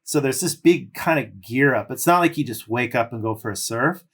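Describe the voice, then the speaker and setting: A man's voice: medium pitch, moderate pace, slightly rough. A middle-aged man from California, a former pro surfer, casually telling long stories as a podcast guest with loose fillers. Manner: relaxed, rambling with fillers. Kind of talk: casual storytelling.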